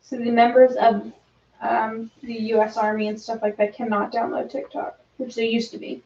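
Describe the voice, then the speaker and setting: Woman co-host, slightly high voice, casual chat with ums, recorded from across an echoey room on a dull mic. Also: flat delivery, moderate pace, vocal fry, a little mellow, slight background noise. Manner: reads news headlines aloud with hesitant ums. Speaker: livestream co-host. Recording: distant, roomy, dull-sounding.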